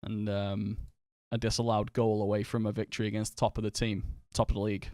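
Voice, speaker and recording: A man with a Northern English accent, chatting casually and rambling through anecdotes while streaming a game, quick to laugh and swear. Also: lowish voice, level tone, darkish tone, clean tone, no room sound, studio quality. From England. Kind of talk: casual live-stream chat while gaming.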